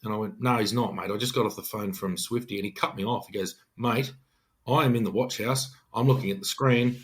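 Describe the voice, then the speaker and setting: A man's voice: fairly low pitch, fairly even intonation, fairly quick. A middle-aged Australian police detective sergeant telling an emphatic, earnest story on a podcast, often acting out his own words.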